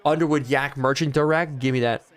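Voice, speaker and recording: A male streamer rattles off quick play-by-play over a football video game, his words tumbling out fast. He jumps to excited yelling on big plays and talks straight to his live chat between snaps. His voice sits at an ordinary middle pitch. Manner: hyped play-by-play, chatting with viewers. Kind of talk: live gameplay commentary.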